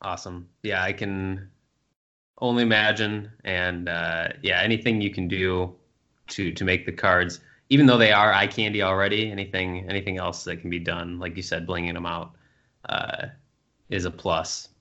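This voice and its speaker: A man's voice: deep voice, level tone, moderate pace, bright, forceful tone. A man hosting an interview, reading out listener questions and answering with brief affirmations. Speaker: interview host. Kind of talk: conversational interview. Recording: lo-fi audio.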